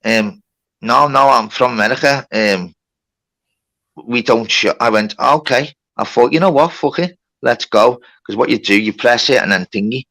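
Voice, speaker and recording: A man's voice: mid-range voice, measured pace, fairly bright tone. A man telling a long story on a livestream, with lots of swearing and reported speech. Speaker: livestream host. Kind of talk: casual storytelling.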